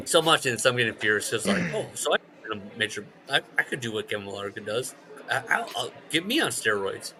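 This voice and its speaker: A man co-hosting a podcast in casual chat, telling stories with swearing and loud, mimicked shouts. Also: mid-range voice, brisk. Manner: animated storyteller, swears, shouts out quoted voices. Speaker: podcast co-host.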